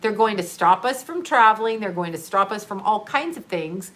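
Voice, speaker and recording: A woman talking casually on a live stream, animated and sarcastic, often breaking into laughter. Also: mid-range voice, moderate pace.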